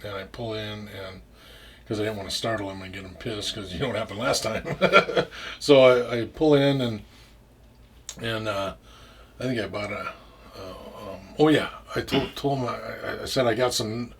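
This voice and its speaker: A man's voice: on the low side, moderate pace, fairly bright tone. A man telling a story in casual talk, rambling with restarts and frequent swearing. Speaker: interview guest.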